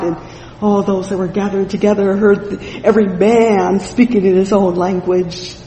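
A preacher gives a fervent sermon in an echoey hall with long reverb and slight background noise, reading scripture and often crying out "praise the Lord." His warm, medium-pitched voice is flat in delivery and moderately paced, with loose asides full of "you know" and restarts.

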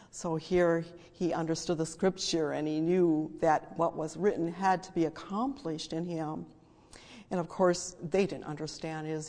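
Earnest woman preacher, slightly low voice, reverberant space. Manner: earnest, rising to fervent then hushed. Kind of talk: sermon. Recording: long reverb.

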